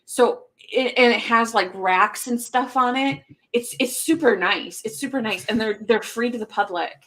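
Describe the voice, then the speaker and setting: A woman's voice: a little high, normal speed, a bit bright. A woman co-hosting a live podcast, telling stories in a rambling, casual way with lots of fillers. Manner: rambling, filler-heavy storytelling. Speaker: podcast co-host. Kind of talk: casual live-stream chat.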